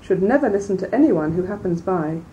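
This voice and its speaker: A woman reading a classic fairy tale aloud in a measured, clear way, then commenting on it as a lecturer. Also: lowish voice, animated, mellow, highs cut off. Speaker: reader and lecturer. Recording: distant mic, faint background noise.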